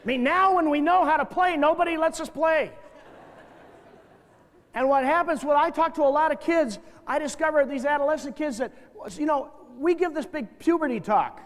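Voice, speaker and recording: A middle-aged man with a high voice delivers an impassioned seminar talk. He tells stories with energy and slips into the voices of the people he quotes. His voice rings with long reverb in a large hall, and the sound comes from a glitchy old VHS tape. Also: fairly quick. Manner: animated storyteller who acts out quoted voices. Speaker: seminar speaker for youth workers. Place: large church hall with audience.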